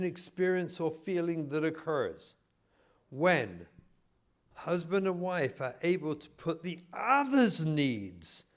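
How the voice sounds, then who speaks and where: A man from Israel, a rabbi and family therapist, giving an animated lecture full of acted anecdotes. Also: on the high side. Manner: animated, storytelling, emphatic.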